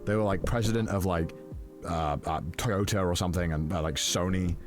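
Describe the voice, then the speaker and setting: Excitable guy, lowish voice. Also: fairly quick, soft background music. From Wales. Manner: excitable, filler-heavy, self-mocking. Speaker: vlogger telling a story. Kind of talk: casual storytelling.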